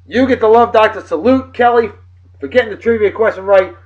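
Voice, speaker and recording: A man from New of the region, hosting a casual video blog with boisterous, jokey shout-outs. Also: sits high, brisk, muffled recording. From New England.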